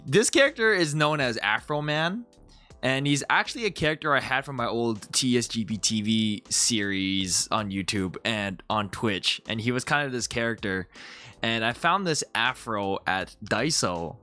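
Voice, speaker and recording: A young man chatting casually as he reviews his own comedy video, animated and full of restarts. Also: mid-range voice, moderate pace, faint music behind. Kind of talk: casual commentary.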